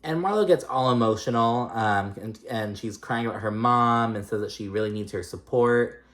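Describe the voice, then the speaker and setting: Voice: medium pitch, normal speed, fairly bright tone. Chatty recap host with plenty of fillers. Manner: chatty, swearing, many fillers. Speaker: recap vlogger. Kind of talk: casual recap commentary.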